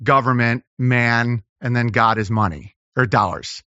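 Bright-voiced rambling comedian, dull dry audio. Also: male voice, medium pitch, no room sound. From Los Angeles. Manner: rambling, riffing, slips into quick impressions. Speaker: comedian guest. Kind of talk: casual podcast conversation.

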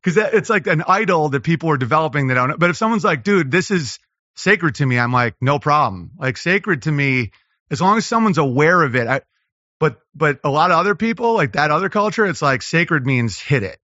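A man, a comedian, talking casually as a podcast guest, rambling and riffing with quick impressions. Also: on the high side, animated, sharp tone, no echo, muffled recording. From Los Angeles.

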